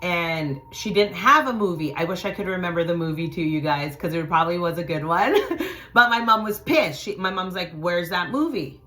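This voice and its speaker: A woman's voice: fairly low pitch, a little fast. Blunt, profane woman telling a story. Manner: blunt and profane, acts out quotes with sudden loud shouts. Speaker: channel host telling a personal story. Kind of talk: casual storytelling to viewers.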